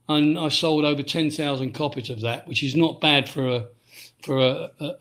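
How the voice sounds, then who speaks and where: Fairly high and a bit bright, the voice belongs to a middle-aged British author who teaches skiing. Interviewed casually, he meanders, repeatedly restarting what he's saying and peppering it with "um"s.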